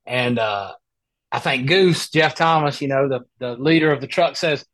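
A man telling a funny story in an animated way as a guest on a casual chat, speaking over a video call. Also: mid-range voice, moderate pace, no echo. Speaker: guest, professional golfer.

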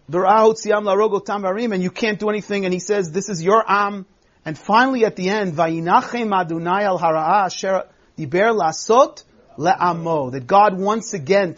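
A man teaches a Bible text in class, reading verses aloud and explaining them with emphatic, expressive delivery. His voice is high, and the recording's highs are cut off.

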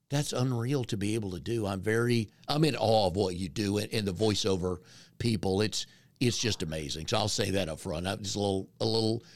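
A man from North Carolina hosts a relaxed interview, telling stories with a chatty, self-deprecating touch. His voice sits low, and the sound is close and dry. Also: no echo. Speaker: podcast host. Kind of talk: casual interview chat.

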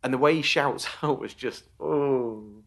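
A man's voice: mid-range voice, steady tone, fairly quick, a bit bright. Rambling man podcast co-host. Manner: rambling, restarts mid-thought. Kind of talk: casual review chat.

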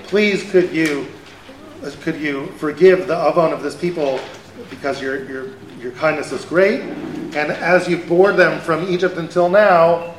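A rabbi teaching a class, a man speaking in an animated lecture style with lots of rhetorical questions. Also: fairly high pitch, unhurried, slight background noise. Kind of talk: lively lecture. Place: event hall. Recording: roomy hall sound.

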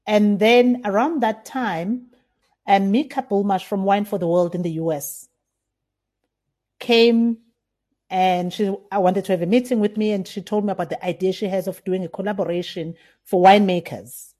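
A middle-aged woman from South Africa talks through her career in a relaxed interview. Her voice is mellow and warm, and she brightens into animated retellings of old conversations. The pitch sits in a comfortable middle range. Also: moderate pace. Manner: animated, acts out remembered dialogue with laughs. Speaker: winemaker, guest. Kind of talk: casual interview storytelling.

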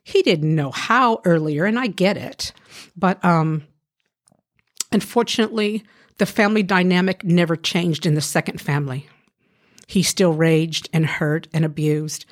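Lady w a lowish voice telling her life story to an interviewer, earnest, lots of ums and restarts. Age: adult. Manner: earnest, halting, with frequent "um" and restarts. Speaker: guest sharing her life testimony. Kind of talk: emotional personal testimony.

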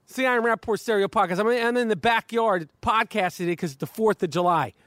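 A man's voice: high voice, fast, fairly bright tone, no echo, studio quality. A man hosting a casual podcast from his backyard, rambling and profane, with lots of stammering restarts. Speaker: podcast host. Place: backyard, outdoors. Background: dog barking.

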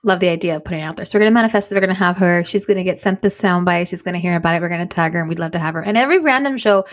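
A woman in her forties co-hosting a podcast, telling a story in casual chat and mixing Spanish into her English. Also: fairly low pitch. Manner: fast, animated, mixes Spanish into English. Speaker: podcast co-host.

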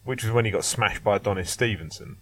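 A man's voice: lowish voice, fast talker, fairly bright tone, no room sound. A man giving blunt, opinionated boxing analysis in a casual podcast chat, laughing and swearing now and then. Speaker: boxing pundit.

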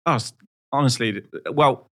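A man's voice: medium pitch, a little slow, creaky, a bit bright. Hesitant man co-hosting. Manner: hesitant, many ums and uhs. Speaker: podcast co-host. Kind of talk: casual chat.

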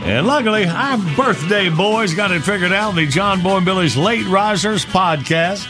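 A man's voice: high voice, animated, moderate pace, over music. A man on a morning radio show making upbeat announcements with a chuckle.

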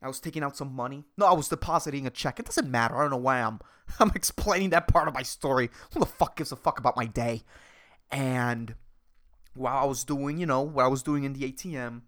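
A woman's voice: very deep voice, fairly quick. A woman hosting a solo podcast rant, rambling, swearing a lot and cutting herself off, over-caffeinated. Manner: profane, rambling, excitable, self-interrupting. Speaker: podcast host.

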